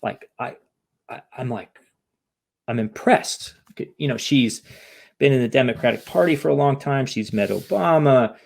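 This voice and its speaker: A man guest on a podcast, telling a story in casual chat, lively, often acting out quoted voices and asking "right?". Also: mid-range voice, moderate pace, creaky. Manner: animated, acts out quoted voices, frequent "right?".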